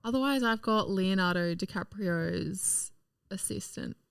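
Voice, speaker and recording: Podcast co-host: woman, mid pitch, giggly and playful, dry close sound. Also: unhurried, gravelly, clean tone, no room sound. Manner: giggly, playful, swears casually. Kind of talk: casual podcast chat.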